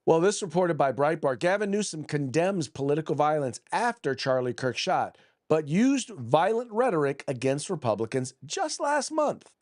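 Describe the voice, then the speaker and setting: A man's voice: on the high side, very animated, moderate pace, a little mellow. A man hosting a political podcast, combative and blunt, who reads news articles aloud, often restarts and repeats words. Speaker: podcast host.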